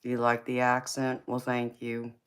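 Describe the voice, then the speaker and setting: A woman's voice: extremely low pitch, monotone, smooth. A woman with a Southern accent hosting a live tarot reading stream, chatting casually with viewers and calling them baby. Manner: slow, drawling, calls viewers baby.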